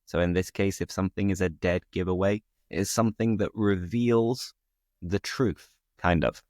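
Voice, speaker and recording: A man's voice: low-pitched, steady tone, moderate pace, darkish tone, no echo, studio quality. A British man hosting a podcast, chatting casually and laughing at his own jokes. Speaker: podcast host, English teacher.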